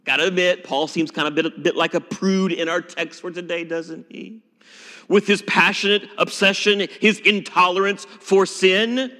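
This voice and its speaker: A man preaching a sermon as pastor, emphatic and expressive, dropping at times to a hushed voice. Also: sits high, moderate pace, big-room sound. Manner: expressive, emphatic preaching with dramatic drops to a hush.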